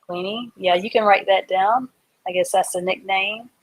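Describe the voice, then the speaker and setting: A woman's voice: mid-range voice, fairly even intonation, moderate pace, poor audio. A woman teaching a live online reading class, patiently sounding out words letter by letter and praising her students.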